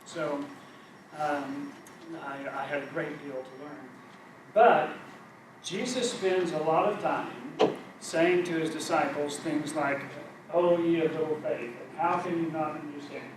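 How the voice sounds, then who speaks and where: Middle-aged man, fairly high voice, casual self-deprecating Bible teaching, humming background noise. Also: slow. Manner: conversational, self-deprecating, asks "right?". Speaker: Bible study group leader. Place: church meeting room. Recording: echoey room recorded from far off.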